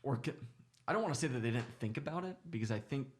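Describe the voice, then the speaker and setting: A man's voice: mid-range voice, expressive, quick pace. Thoughtful, hesitant male podcast co-host. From grew up in the suburbs. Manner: thoughtful, hesitant, with many restarts. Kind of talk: casual chat.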